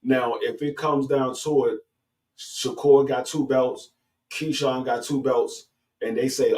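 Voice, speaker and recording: A man in casual sports talk, speaking haltingly with many restarts and climbing high in pitch when he argues a point. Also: fairly even intonation, darkish tone, recorded from a distance, low-quality recording. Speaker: boxing talk guest.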